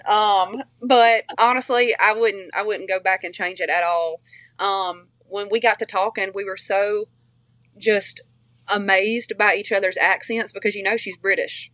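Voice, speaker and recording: A woman talks casually in an interview, her strong regional accent coloring every word. She rambles warmly with fillers and false starts at a mid pitch. The sound is close and dry. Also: fairly even intonation, measured pace, dry recording. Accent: strong regional accent she shares with her family. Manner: chatty, many fillers and restarts, laughs easily. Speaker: interview guest, country singer.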